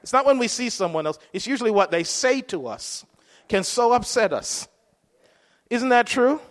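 A man's voice: extremely high pitch, sing-song, normal speed, in a large hall. A man preaching a sermon in a conversational way, asking his listeners rhetorical questions.

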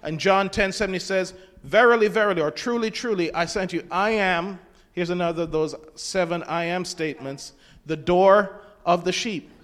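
A man's voice: high-pitched, moderate pace, fairly bright tone. A man preaching a sermon, quoting scripture in old-fashioned wording and putting questions to his congregation. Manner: quotes scripture in King James wording, asks the congregation questions. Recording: long reverb of a hall.

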